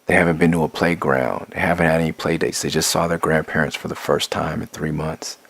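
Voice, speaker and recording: A man's voice: rumbling low, level tone, fairly quick, creaky, fairly bright tone, slightly rough, no room sound. A middle-aged man giving a blunt, profane, impassioned spoken monologue, restarting and building in intensity. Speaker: rapper sharing his views.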